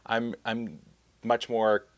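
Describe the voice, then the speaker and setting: A man's voice: mid-range voice, level tone, takes it slowly, dry recording. A young man telling a casual storytime vlog, rambling and self-mocking, full of filler words. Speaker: vlogger.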